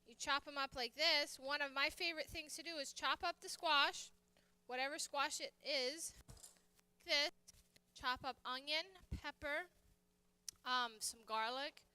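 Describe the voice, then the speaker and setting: A woman's voice: sits high, steady tone, measured pace, sharp tone. A woman chef giving a live cooking demonstration, chatty and telling stories while she works. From United States. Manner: chatty, anecdotal, talks while working. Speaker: guest chef. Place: church hall kitchen demonstration.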